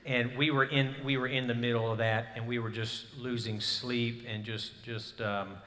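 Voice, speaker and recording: A man's voice: medium pitch, level tone, normal speed, sharp tone. A man in his thirties preaching a sermon, telling a personal story in an earnest way and rising to emphatic bursts. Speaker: pastor. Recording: hall reverb.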